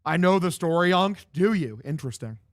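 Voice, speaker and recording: Young male streamer, fairly high voice, loose and profane, dead-dry home mic. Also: expressive, brisk, dry recording. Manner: loose, profane, reads chat aloud and answers. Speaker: streamer doing live play-by-play. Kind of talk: casual stream chat with play-by-play commentary. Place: home room.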